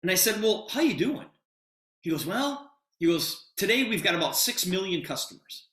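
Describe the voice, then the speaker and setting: The speaker, a middle-aged man, sells by telling a story, acting out both halves of each exchange in a bright, forceful delivery. He talks at normal speed with lively pitch swings, and the echoey room adds a roomy sound.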